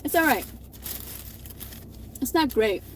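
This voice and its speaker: A woman's voice: high voice, lively intonation, slow, slight background noise, rough recording. A young adult woman telling a personal story in a casual vlog, candid and profane, laughing now and then. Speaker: vlogger.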